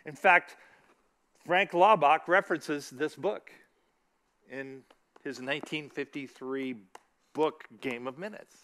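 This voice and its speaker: A man's voice: a little high, slow pace, long pauses, a bit bright. A middle-aged man giving a casual sermon, chatty, asking the audience questions and reciting scripture. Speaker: church speaker.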